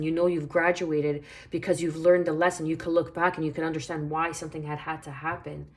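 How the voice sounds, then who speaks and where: Low-voiced woman giving a tarot reading. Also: a little mellow. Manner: soothing, reflective, repeats phrases, pulls cards aloud. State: hiccuping. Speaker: tarot reader.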